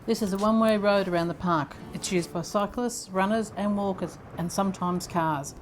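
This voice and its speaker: A woman calmly narrating a drive, in a relaxed, casual way. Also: mid-range voice, normal speed, soft background music. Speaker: travel vlogger. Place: car, driving. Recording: road noise from a moving car.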